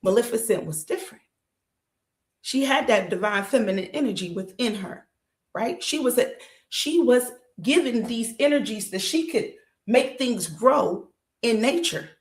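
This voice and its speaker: A woman's voice: on the high side, measured pace. Woman podcaster in an echoey room. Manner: animated, emphatic, colloquial, asks listeners rhetorical questions. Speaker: podcast host. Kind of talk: casual storytelling commentary. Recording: roomy echo.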